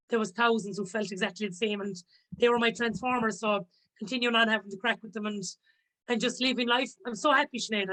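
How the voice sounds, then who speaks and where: A woman's voice: fairly high pitch, a bit bright, low-quality recording. A woman, a podcast guest talking openly and earnestly in casual chat.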